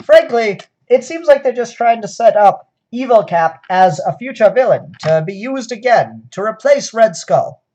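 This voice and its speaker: A man's voice: sits high, sing-song, measured pace, few pauses, a little mellow, dull audio, pitched above the performer's own voice, heavily acted. A man putting on a pompous 1940s presidential orator. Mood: solemn. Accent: 1940s old-fashioned American patrician. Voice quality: pompous, declaiming. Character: 1940s presidential orator impression, grand, solemn. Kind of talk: mock old-time radio speech.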